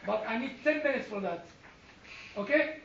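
Man, very high voice, bible class teacher, animated questioning, far-off echoey room, dull sound. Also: normal speed, vocal fry, a little hiss or hum. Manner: animated, questioning, self-deprecating humor. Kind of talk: classroom discussion.

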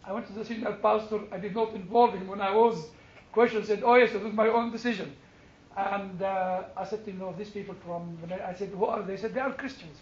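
A man, an Orthodox clergyman, teaching a church class, telling stories and asking the room questions as he builds to forceful points. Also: sits high, fairly even intonation, a little fast, roomy sound, dull audio, slight background noise.

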